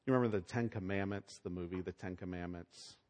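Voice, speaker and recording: A man preaching a sermon, swinging between loud, emphatic lines and hushed asides. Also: low-pitched, fairly quick. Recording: long hall reverb.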